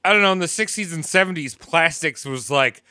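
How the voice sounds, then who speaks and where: A man chatting casually and asking questions. His voice is high and bright. It is recorded dry and close. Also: fairly quick, smooth, dry recording. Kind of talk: casual chat.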